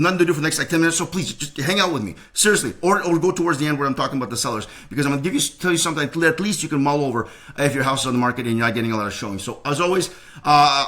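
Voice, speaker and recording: A man's voice: fairly high pitch, bright, forceful tone. A middle-aged man giving a chatty real estate market update to camera, often restarting his sentences.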